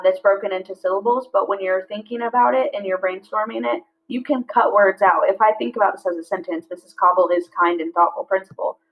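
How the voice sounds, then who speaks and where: A woman teaches a lesson in a mid-pitched voice. She reads slowly and clearly and breaks words into syllables. The audio is a little dull and lo-fi. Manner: slow, clear syllable-by-syllable reading. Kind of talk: classroom lesson.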